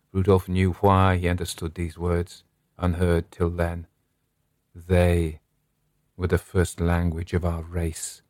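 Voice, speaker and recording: A man narrating a Victorian horror story in a slow, dramatic, drawn-out delivery. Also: low voice, a little mellow, no echo, studio quality.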